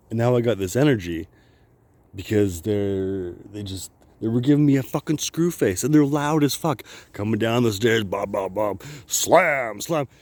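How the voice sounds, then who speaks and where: A man's voice: lowish voice, moderate pace, darkish tone, dry recording. A man vlogging a rambling personal story, swearing constantly, laughing often and restarting his sentences.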